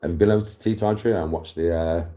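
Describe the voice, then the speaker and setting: Chirpy, swearing bloke streaming live. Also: male voice, low-pitched, fairly even intonation, fast, mellow. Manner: chirpy, rambling, laughs at his own jokes, heavy swearing. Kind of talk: casual live stream chat.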